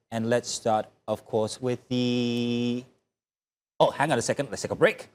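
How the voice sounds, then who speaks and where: A man's voice: mid-range voice, steady tone, unhurried. A man from Nigeria co-hosting a morning TV news show, reviewing the newspapers and teasing his co-host in chatty, jokey studio banter.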